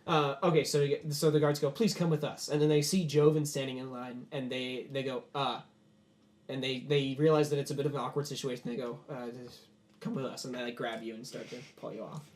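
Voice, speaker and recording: A man narrating as game master in a tabletop game, relaxed with lots of fillers. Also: medium pitch, quick pace, hardly any pauses.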